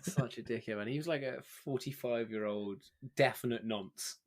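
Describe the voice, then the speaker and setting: A man's voice: medium pitch, normal speed. A young man, co-hosting a podcast in casual chat, rambling, laughing often and swearing freely. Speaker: podcast co-host.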